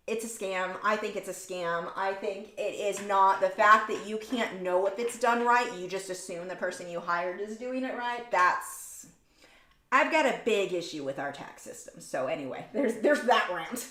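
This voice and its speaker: A woman's voice: mid-range voice, pushed and bright. A woman artist chatting casually on a livestream as she paints and reads viewer comments aloud. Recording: echoey room.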